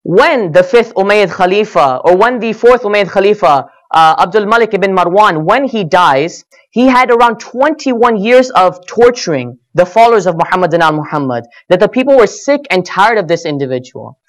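A man's voice: high voice, expressive, normal speed, few pauses. Guy preaching a sermon, earnest storyteller, voice rises and drops on the quotes. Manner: earnest, acts out quotes with rising and falling emphasis. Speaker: speaker at a religious gathering.

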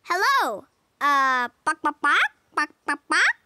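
Molly, a bubbly, high cartoon girl. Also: big pitch swings, slow, very noisy, exaggerated voice. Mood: playful. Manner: bright and eager, sing-song. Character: cheerful young mermaid girl playing cowgirl. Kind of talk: cartoon voice acting. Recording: studio cartoon with music behind.

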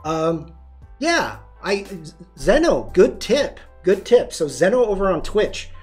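A man's voice: sits high, sing-song, slow, darkish tone, soft background music. A man hosting a live-streamed photography tutorial, chatty and demonstrative, greeting viewers and answering chat as he shows poses.

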